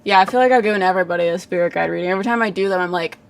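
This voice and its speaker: A woman's voice: fairly low pitch, rapid-fire, vocal fry. A woman giving live psychic readings in a casual livestream chat, full of "like" fillers, frequent laughs and casual swearing.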